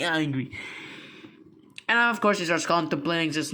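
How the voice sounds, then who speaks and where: A man's voice: a little high, lively intonation, normal speed, long pauses, pushed and bright, a little hiss or hum. A young man casually recapping a comic book, rambling with lots of fillers, restarts and slang.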